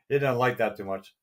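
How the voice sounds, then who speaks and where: A man's voice: mid-range voice, a bit bright. Chuckling man hosting a casual livestream. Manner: chuckling, greets viewers by name, mild swearing. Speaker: livestream host. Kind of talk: casual live chat.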